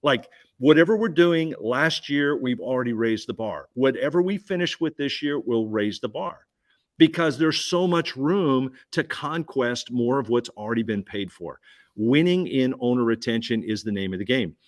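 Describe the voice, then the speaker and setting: A man's voice: medium pitch, animated, moderate pace. Guy hammering his points home at a roundtable, repeats stuff, keeps asking you questions. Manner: punchy, repeats key phrases, asks listener questions. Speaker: guest speaker. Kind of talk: energetic pitch at a business roundtable.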